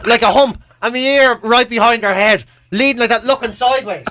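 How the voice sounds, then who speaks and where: A man's voice: extremely high pitch, brisk, bright, forceful tone. A middle-aged Irish man on a radio show, rambling through a story, swearing freely and checking in with "right?". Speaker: radio co-host. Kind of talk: casual chat.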